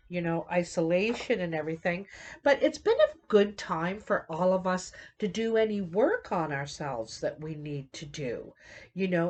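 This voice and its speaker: A woman's voice: lowish voice, darkish tone. A middle-aged woman giving an unscripted tarot reading, meandering with many fillers and restarts. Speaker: tarot reader.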